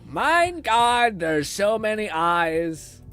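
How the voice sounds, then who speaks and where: Animated high-voiced guy. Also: extremely slow, smooth, faint music behind. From Canada. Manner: animated, swears, laughs often, blunt. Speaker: streamer. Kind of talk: casual reaction stream.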